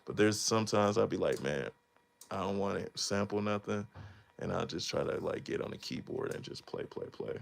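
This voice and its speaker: A relaxed man in his thirties talks through a casual live stream, voice low and gravelly. He rambles in easygoing slang and breaks into laughter now and then. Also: moderate pace. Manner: laid-back slangy rambling, laughs often. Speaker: beatmaker streamer.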